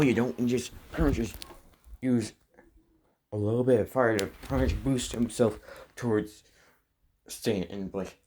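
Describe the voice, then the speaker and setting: A man narrating an improvised fan story, halting and full of fillers, with a husky voice. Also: fairly low pitch, darkish tone, slight background noise. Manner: halting, filler-heavy, many restarts.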